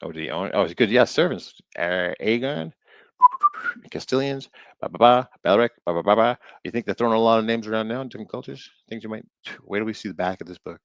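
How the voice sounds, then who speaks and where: Male streamer, low voice, dry close mic; casual halting read-aloud with playful asides. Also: lively intonation, gravelly, dry recording, highs cut off. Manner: reads aloud haltingly, stumbling over words and riffing jokingly. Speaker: streamer reading an old book. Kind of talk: casual live-stream book reading with commentary.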